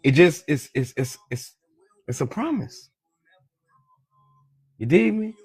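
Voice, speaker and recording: Profane, preachy man with a high voice. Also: big pitch swings, takes it slowly, darkish tone, breathy edge, no echo. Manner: profane, preachy, repeats "you dig me" and "beloved". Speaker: social media commentator on money. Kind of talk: casual lecturing monologue.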